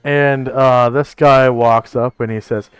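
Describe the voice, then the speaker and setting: A man narrates a tabletop game at a slow, easy pace, his voice smooth and even as he thinks out loud with little fillers. The sound is close and dry, with soft music faintly underneath. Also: mid-range voice, no room sound. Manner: relaxed, thinking aloud with fillers. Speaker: game master.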